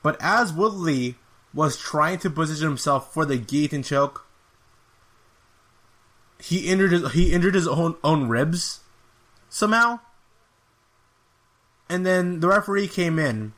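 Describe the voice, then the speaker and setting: A man's voice: on the high side, expressive, a little slow, long pauses, fairly bright tone. A man hosting a podcast, giving a casual, rambling fight review with an exasperated tone and lots of filler words. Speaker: podcast host.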